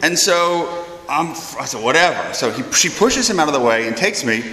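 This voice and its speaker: Brief: male priest storyteller, slightly high voice, lively and self-mocking, long hall reverb. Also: moderate pace. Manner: animated, self-deprecating, stumbling repeats. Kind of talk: storytelling anecdote.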